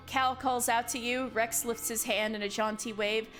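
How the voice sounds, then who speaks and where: Higher-voiced young woman streamer. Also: fairly even intonation, a bit bright, faint music behind. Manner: reads dialogue slowly and dramatically, swears and laughs in asides. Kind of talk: reading a visual novel game aloud with commentary.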